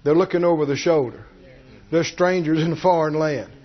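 A man preaching a sermon, animated and folksy, swinging from low asides to shouted peaks. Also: normal speed, lo-fi sound. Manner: folksy, jokes with the congregation.

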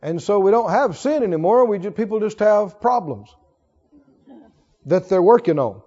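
A male pastor with a high, mellow, sing-song voice preaches a sermon in a church sanctuary at normal speed, using call-and-response and rising to emphatic exhortation. The sound is dull, with long hall reverb.

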